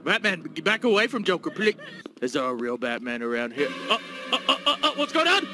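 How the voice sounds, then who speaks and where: A man reacting loudly to a horror scare while playing a video game, swearing and easily startled. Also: a little high, very animated, a little fast. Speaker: gamer. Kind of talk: live gameplay reaction. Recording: noisy gameplay stream.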